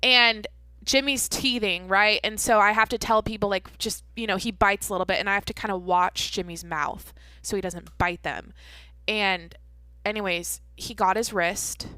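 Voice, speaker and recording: A woman's voice: medium pitch, normal speed, sharp tone, clear, resonant tone, no room sound. A young adult woman hosting a podcast, telling a story in rambling casual chat, swearing freely with many fillers and restarts. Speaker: podcast host.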